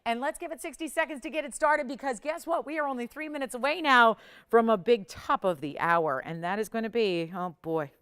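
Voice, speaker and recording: A woman's voice: fairly high pitch, fairly quick, a bit bright, clean tone. A middle-aged woman hosting a live jewelry sales show, chatty and upbeat with bursts of laughter. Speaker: shopping channel host.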